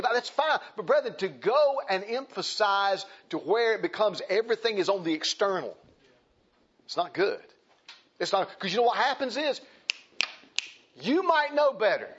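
A man's voice: high voice, slightly rough, lo-fi sound. A man preaching a sermon to his congregation, emphatic and repeating his points, calling them brethren. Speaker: pastor.

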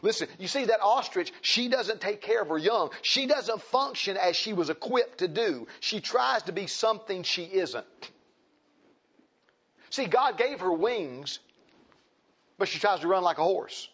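A man preaching a fiery sermon, emphatic and repetitive, swinging between shouts and hushed tones. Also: sits high, lively intonation, measured pace, breathy edge. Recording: dull lo-fi recording.

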